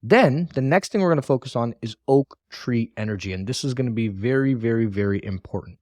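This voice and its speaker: Male sales trainer, mid-pitched coaching voice, dry close recording, lecture delivery with frequent check-ins. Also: expressive, brisk, darkish tone, no echo.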